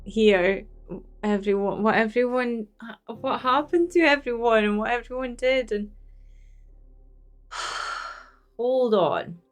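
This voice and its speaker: A woman's voice: a little high, takes it slowly, pauses often. A woman hosting a reaction video, talking casually in a gushing, emotional way with frequent laughs, teary as she speaks.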